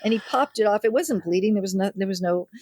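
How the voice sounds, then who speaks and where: A fast-talking older midwife with a medium-pitched voice tells family stories in an interview, animatedly playing the relatives she quotes. It's recorded in studio quality with no echo.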